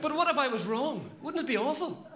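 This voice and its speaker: High-voiced Northern Irish comic. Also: male voice, brisk, a crowd in the background, background noise. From Northern Ireland. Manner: animated, shouts in bursts. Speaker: stand-up comedian. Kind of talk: stand-up routine. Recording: live set with loud audience laughter. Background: audience laughter.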